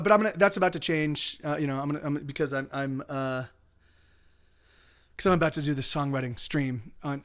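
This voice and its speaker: A man's voice: on the high side, a bit bright. A man musician chatting casually on his live stream, rambling with many restarts, cursing and greeting viewers. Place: home streaming setup in Austin.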